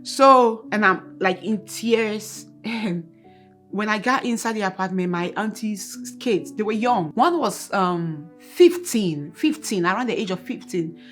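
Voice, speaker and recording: A woman's voice: mid-range voice, lively intonation, a little slow, a bit bright, faint music behind. Tearful woman sharing a testimony. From Ghana. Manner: earnest and emotional, reliving events in detail. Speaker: co-host of a Christian couple's channel. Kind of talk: personal testimony.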